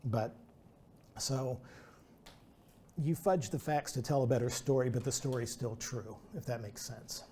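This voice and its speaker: A man speaks at a presentation in a mellow, dark-toned voice at a middling pitch. He wanders through anecdotes, restarting sentences and joking at his own expense. Faint noise sits under his voice. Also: measured pace, long pauses. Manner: rambling, chatty, self-deprecating with many restarts. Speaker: artist giving a talk.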